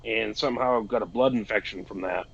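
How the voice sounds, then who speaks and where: A man's voice: on the low side, quick pace, gravelly, a bit bright, muffled recording. A man joking bluntly in a casual podcast chat.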